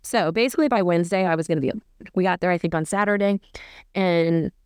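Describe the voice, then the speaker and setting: A woman's voice: lowish voice, fast, darkish tone, clean tone, no room sound, clean studio sound. A woman hosting a podcast, telling a personal story in a rambling, self-correcting way with fond emotion. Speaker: podcast host.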